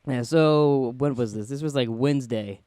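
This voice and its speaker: A man hosting a podcast, telling a story in a casual, animated way and acting out the people he quotes. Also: medium pitch, normal speed, no room sound, studio quality. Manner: animated, acts out quoted voices. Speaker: podcast host.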